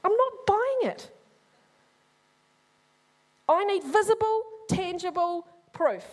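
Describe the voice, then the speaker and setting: A woman's voice: very high voice, animated, a bit bright, voice pushed up, heavily acted. Brief: a woman putting on a stubborn, arms-folded male disciple in a sermon, raised and insistent, drawing out each refusal. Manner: emphatic, indignant, drawn-out insistence. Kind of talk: sermon role-play.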